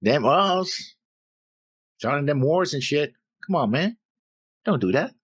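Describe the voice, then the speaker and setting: A man's voice: a little high, animated, slow pace, slightly rough, no room sound, studio quality, voice pushed up, exaggerated voice. A man putting on an exaggerated, rowdy Southern man with a slurred drawl and a Southern US accent. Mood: mock outraged.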